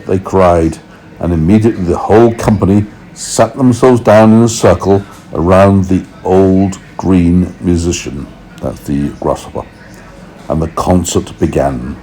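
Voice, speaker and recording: A man reading a storybook aloud for toddlers, expressive and unhurried, pausing to explain things. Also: low-pitched, breathy edge, rough recording.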